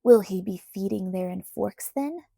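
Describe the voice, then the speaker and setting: A woman's voice: medium pitch, unhurried, vocal fry, mellow, husky, no room sound, studio quality. A woman voicing a sullen, scornful young man with a cutting, scathing manner in an audiobook reading.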